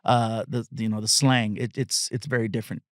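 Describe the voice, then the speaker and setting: A middle-aged man, a comedian guest on a podcast, telling stories in relaxed chat and slipping into voices of the people he describes. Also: on the low side, a little fast, no echo, studio quality. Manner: storytelling, many fillers and restarts, mimics other people. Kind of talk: casual interview chat.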